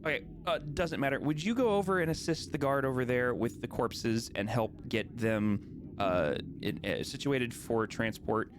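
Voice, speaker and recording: A man's voice: mid-range voice, moderate pace, background noise, close to an everyday voice. A man voicing a flustered female guard sergeant who rambles and hesitates. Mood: uneasy. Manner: rambling, hesitant, many fillers.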